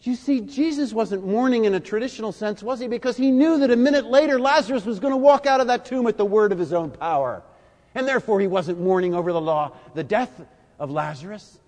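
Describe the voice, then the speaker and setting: An older man preaching a sermon, deliberate and emphatic, swinging from soft, low phrases to loud, stressed ones. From United States. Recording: echoey hall.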